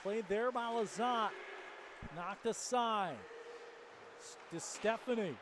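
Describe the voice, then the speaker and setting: High-voiced hockey play-by-play man. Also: slow, background noise. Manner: joking banter between calls. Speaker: play-by-play commentator.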